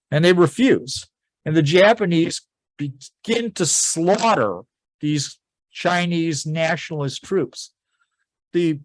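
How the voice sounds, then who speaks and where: A man teaching a history class, telling events as a lively story and quoting people in a casual voice. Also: a little high, no echo. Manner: animated storytelling, quoting figures in plain conversational voice. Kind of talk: informal history lecture.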